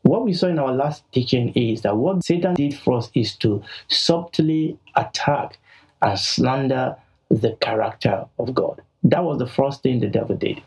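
A Nigerian man and podcast host giving an emphatic Bible teaching, slowing down to stress key words, on a poor-quality recording. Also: mid-range voice, slightly rough.

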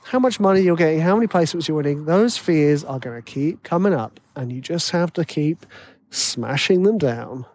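Animated and a little mellow, a man's higher-pitched voice moves at a moderate pace as he talks casually on his own about songwriting tips. He's chatty, pokes fun at himself, and performs his anxious inner voices.

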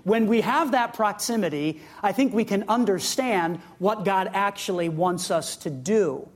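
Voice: medium pitch, expressive, unhurried. A preacher giving a sermon, reading scripture aloud and breaking into humorous asides and direct questions to the listeners. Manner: conversational, with humorous asides and laughs; asks the audience direct questions.

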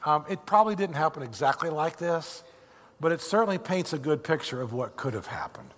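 An earnest male pastor preaches and reads a story aloud, sometimes restarting his words. His voice is fairly high and moves lively up and down. The sound rings with a long reverb, as in a large hall. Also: fairly quick. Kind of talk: sermon with a story read aloud.

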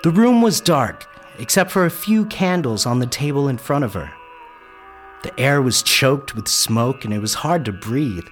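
A man telling a first-person story with a lively, wry delivery. His pitch rises and falls a lot as he narrates. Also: measured pace, faint music behind.

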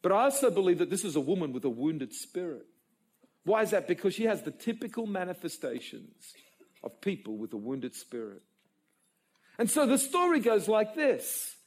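Animated, husky-voiced man preaching. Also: sits high, normal speed. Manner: emotional, animated storytelling with repeated stammered restarts. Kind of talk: sermon.

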